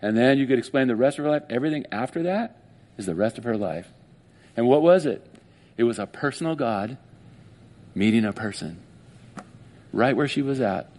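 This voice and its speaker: Speaking briskly and pausing often, a man with a mid-range voice delivers a sermon as a pastor. He retells a story emotionally and animatedly, acting out the voices of the characters.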